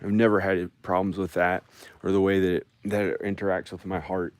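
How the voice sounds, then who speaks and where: A man talking into his phone in a rambling personal vlog, halting and sighing with many restarts. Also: low voice, little pitch movement. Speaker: vlogger. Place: at home and outdoors in the country.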